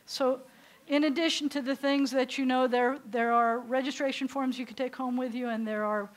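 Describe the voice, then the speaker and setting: A woman with a Southern American accent leading a congregation through a service, giving gentle instructions. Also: high-pitched, fairly even intonation, moderate pace. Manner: warm instructive directions to a congregation. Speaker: service leader.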